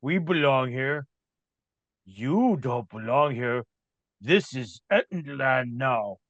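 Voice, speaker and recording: A man's voice: mid-range voice, animated, slow, fairly bright tone, dry recording, lo-fi sound. A man voicing a taunting two-headed giant. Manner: taunting, menacing. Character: gruff mocking two-headed giant, male.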